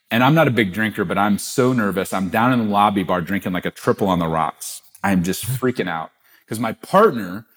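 A man with a somewhat low voice telling a business story in a podcast interview. He talks animatedly and acts out the lines of the people in his story. He sounds middle-aged. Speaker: guest, gift-giving business founder.

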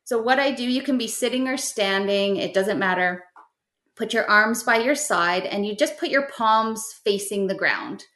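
Middle-aged woman guiding gently, roomy sound. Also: mid-range voice, moderate pace. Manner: gentle, instructive, step-by-step guidance. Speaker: guest teaching spiritual practice. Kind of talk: explanatory podcast chat. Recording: roomy echo.

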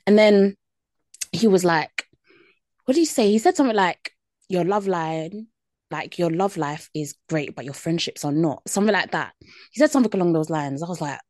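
Podcast co-host, woman in her twenties, lowish voice, dry close sound, unhurried storyteller. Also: expressive, a little mellow, dry recording. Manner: laid-back storytelling, many fillers. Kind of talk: casual chat.

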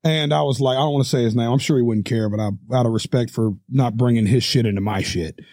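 Talking fast in a dark-toned, mid-range voice, a man co-hosting a podcast tells a crude, rambling story full of laughs and profanity. The studio sound is clean, with no room sound.

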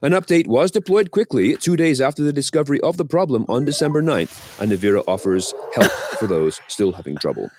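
A man reading a news headline segment in a measured, formal delivery. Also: mid-range voice, expressive, noisy background. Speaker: news reader.

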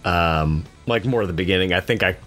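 A man hosting an improv comedy podcast, talking in a halting way with many fillers. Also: low-pitched, fairly bright tone, soft background music. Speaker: podcast host.

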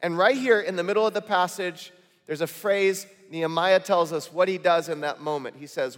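A man's voice: a little high, moderate pace, a bit bright, in a large hall. A male pastor preaching a sermon, reading scripture aloud with conversational, joking asides.

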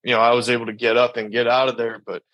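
A man's voice: medium pitch, little pitch movement, fairly bright tone, no room sound, lo-fi sound. Casting: young man, rodeo cowboy storyteller, easygoing mid-range voice, dead-dry studio sound. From New York state. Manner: drawn-out storytelling, acts out quoted dialogue. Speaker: bull rider guest. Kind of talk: casual storytelling interview.

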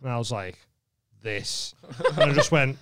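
With a medium-pitched voice at a measured pace, an English podcast co-host recounts an animated anecdote, laughing and swearing a lot as he chats casually. The sound is clean studio audio without any room sound.

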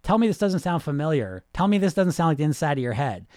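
A man hosting a podcast as a weight-loss hypnotist, giving a blunt, profane, rapid-fire motivational monologue. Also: fairly high pitch, very animated, darkish tone, dry recording, studio quality.

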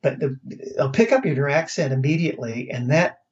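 Guest, American man, easygoing storyteller, mid pitch, slightly muffled lo-fi audio. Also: animated, normal speed. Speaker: interview guest. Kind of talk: casual conversation. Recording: slightly dull lo-fi sound.

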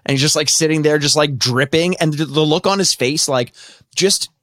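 A man co-hosting a casual podcast chat, animated and laughing, stretching words for emphasis. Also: on the high side, normal speed, no echo, clean studio sound. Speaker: podcast co-host. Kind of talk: casual chat reacting to a show.

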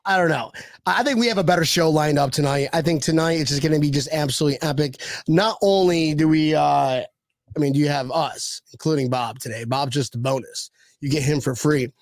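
A man hosting a casual sports podcast, excitable and rambling. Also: on the high side, brisk, no room sound. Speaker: podcast host.

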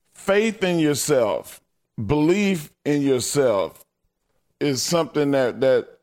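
A man's voice: a little high, a little mellow. A man co-hosting a talk show, earnest and openly emotional in casual talk. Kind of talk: casual chat.

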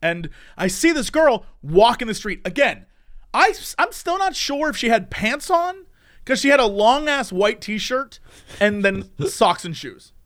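A man telling a story in casual chat. He is animated, laughs often and acts out the voices. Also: very high-pitched, measured pace. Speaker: podcast storyteller.

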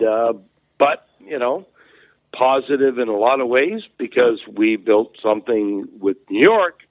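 A man's voice: fairly low pitch, no room sound. A man, a former hockey player, telling stories as an interview guest in a rambling way, full of fillers and restarts. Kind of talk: casual storytelling. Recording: phone-like narrow sound.

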